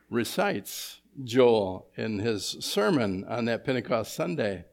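Man, pastor, sermon, gravelly fry, rhetorical questions to the congregation, mid-range pitch. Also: lively intonation, unhurried. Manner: swings between emphatic and hushed delivery. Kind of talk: expository sermon.

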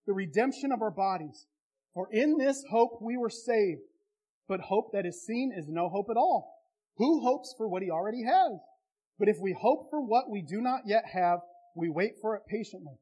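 High-voiced man preaching with passion. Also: a little mellow. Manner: impassioned, conversational preaching. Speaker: pastor. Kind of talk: sermon.

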